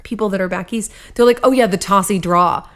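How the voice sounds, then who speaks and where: A woman's voice: mid-range voice, a little fast, fairly bright tone. Foul-mouthed woman comic telling stories. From New England. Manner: swears freely, acts out her dad's lines with big laughs. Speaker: stand-up comedian, podcast guest. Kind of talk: casual podcast chat.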